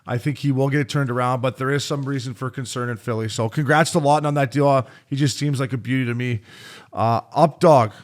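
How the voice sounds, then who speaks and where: A man co-hosting a casual sports podcast, excitable and swearing freely as he breaks down the week's hockey. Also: medium pitch. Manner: profane, excitable, fast-talking. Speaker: podcast co-host, former junior hockey player.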